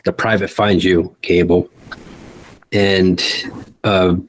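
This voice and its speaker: A man narrating as game master of a tabletop game, halting and full of ums. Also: low voice, level tone, slight background noise, rough recording.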